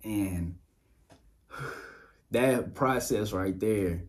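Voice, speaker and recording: A young man from Louisiana hosting a podcast, sharing a casual personal testimony, animated and laughing often as he talks straight to his listeners. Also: fairly low pitch, drawn-out words. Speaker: podcast host. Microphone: dynamic mic on boom arm.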